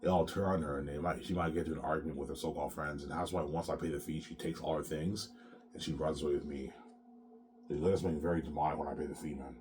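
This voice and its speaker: A man's voice: very deep voice, steady tone, fast talker, noisy background. A sick, coughing man hosting his own show in a rambling, profane monologue that keeps coming back to "man". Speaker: solo show host.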